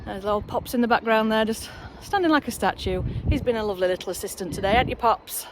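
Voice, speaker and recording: A woman's voice: a little high, quick pace. Chatty woman outdoors on a windy allotment. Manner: chatty, rambling, self-encouraging. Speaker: allotment vlogger. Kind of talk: casual outdoor vlog chat. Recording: outdoor wind and traffic noise.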